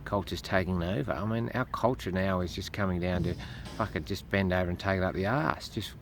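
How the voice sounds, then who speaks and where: Australian man, indignant profane rant, low-pitched, faint background noise. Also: fairly quick, creaky. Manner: indignant, swears heavily. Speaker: vlogger. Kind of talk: profane ranting monologue.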